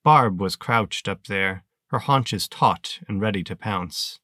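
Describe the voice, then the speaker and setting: Low-voiced man narrating an audiobook. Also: no room sound, studio quality. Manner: steady, measured storytelling.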